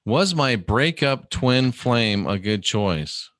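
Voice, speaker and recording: A man's voice: mid-range voice, animated, slow, noisy background. A man hosting a casual livestream, reading viewer questions aloud and answering them by name in a rambling, chatty way.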